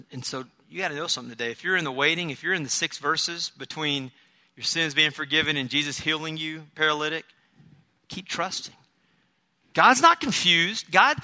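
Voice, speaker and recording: Male pastor, middle-aged, sermon delivery; high-pitched and piercingly bright; storytelling, quotes imagined voices. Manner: storytelling, quoting imagined voices, emphatic repetition.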